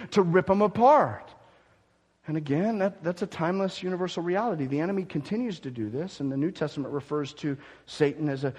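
A man preaching a sermon, swinging between loud emphatic declarations and soft gentle murmuring, often repeating words as he restarts. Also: high-pitched, husky. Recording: long hall reverb.

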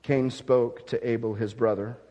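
A man preaching a sermon, swinging between loud emphatic declarations and soft gentle murmuring, often repeating words as he restarts. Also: mid-range voice, fairly even intonation, unhurried, lo-fi sound. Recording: long hall reverb.

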